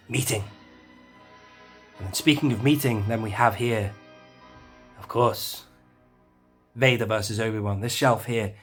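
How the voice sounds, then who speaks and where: A man, casually touring his toy collection shelves in a chatty, self-deprecating way. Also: on the low side. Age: 40s. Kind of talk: casual shelf tour.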